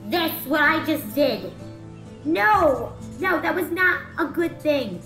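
Excitable young woman narrating her gameplay. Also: sits high, takes it slowly. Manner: excitable, rambling, bursts of shouting and laughter. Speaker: VTuber gameplay host. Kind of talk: casual gameplay commentary. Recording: roomy echo with game music behind.

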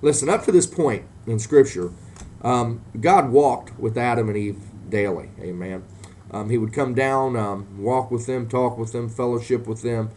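A man's voice: mid-range voice, moderate pace, darkish tone, a little hiss or hum. A man preaching a sermon, punctuating nearly every phrase with "amen" and swelling into fervent emphasis as he addresses Christians and sinners.

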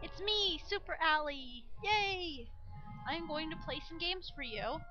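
A woman giving casual, excitable commentary while playing a game, often squealing when surprised. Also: very high-pitched, a little slow. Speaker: gamer. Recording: lo-fi mic with game music behind.

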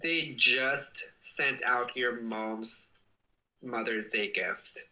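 A livestreamer chatting casually and reading viewer comments, playful and gushing, with affectionate swearing and sudden excited outbursts. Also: mid-range voice, extremely slow, rough recording.

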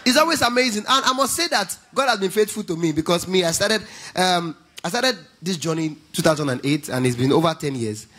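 A Nigerian man with a high voice tells comic church stories, switching between English and pidgin and breaking into song. Music plays behind him throughout. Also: brisk, few pauses. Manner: animated storytelling, mixing pidgin, bursting into gospel song. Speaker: stand-up comedian. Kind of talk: stand-up comedy routine in church. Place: church event stage.

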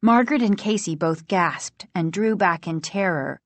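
A woman reading a spooky children's story aloud, in slow, expressive narration. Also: fairly low pitch, no room sound. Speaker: audiobook reader.

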